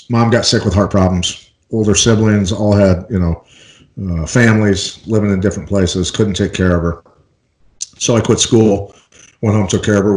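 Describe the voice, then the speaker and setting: A middle-aged man from Iowa, a former fighter and interview guest, telling his story in a relaxed, rambling way with many fillers and restarts. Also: lowish voice, roomy sound, low-quality recording. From Iowa, United States.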